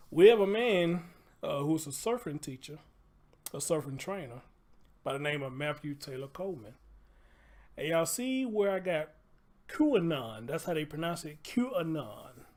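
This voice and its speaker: Male livestream host, slightly high voice, loose chatty delivery with casual swearing. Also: normal speed, long pauses. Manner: loose, chatty, swears freely, repeats phrases.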